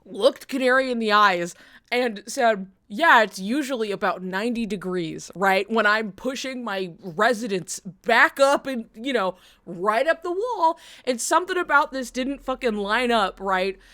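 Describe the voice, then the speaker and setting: High-voiced woman telling a story. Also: a little slow. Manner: animated storytelling, swears a lot, bursts into laughter. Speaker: streamer. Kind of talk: casual chat.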